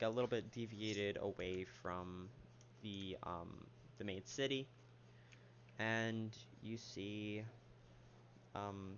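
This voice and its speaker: A man narrating as game master in a tabletop game, describing scenes haltingly with many pauses. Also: lowish voice, a bit bright, highs cut off, slight background noise. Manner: halting, lots of fillers and restarts while describing scenes.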